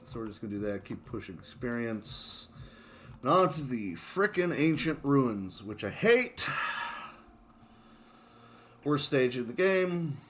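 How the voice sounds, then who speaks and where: A man's voice: mid-range voice, very animated, measured pace, pauses often, fairly bright tone. A man giving casual, self-mocking commentary on his own speedrun of a shooter game, chuckling often.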